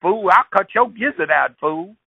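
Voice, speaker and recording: A jealous hothead showboats and threatens in a high, raised voice, as a man acts him out. He is loud and quick to pick a fight. The sound is tinny and dry, like a phone call. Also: expressive, vocal fry, breathy edge, no room sound, heavily acted. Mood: threatening. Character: jealous, hot-tempered man showing off for his woman.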